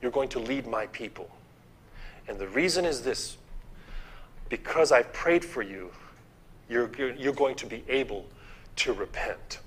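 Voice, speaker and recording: A man's voice: mid-range voice, a little slow, long pauses, fairly bright tone, husky. A man preaching a sermon in a church, posing rhetorical questions, repeating key phrases and restarting words.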